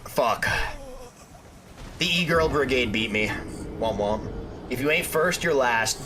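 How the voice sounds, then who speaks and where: A man's voice: mid-range voice, animated, slow, long pauses, noisy background. A young man streaming a game, chatting casually with his viewers and joking, trash-talking and bantering playfully. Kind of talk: casual live-stream chat while gaming.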